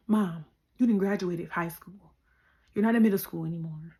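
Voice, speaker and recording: A young woman telling a casual storytime to her viewers, chatty and slangy, repeating herself and breaking into animated asides. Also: fairly low pitch, takes it slowly, long pauses.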